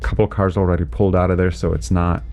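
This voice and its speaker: A man who is a driving instructor, explaining winter driving in a relaxed, chatty way from inside his car, with lots of "you know" and "right?". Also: sits low, very fast, vocal fry. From Canada. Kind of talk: casual instructional commentary while driving.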